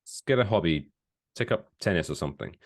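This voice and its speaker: Deep-voiced man telling stories animatedly. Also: a little fast. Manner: animated storytelling, swooping pitch, laughs while talking. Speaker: podcast co-host. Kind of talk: casual podcast chat.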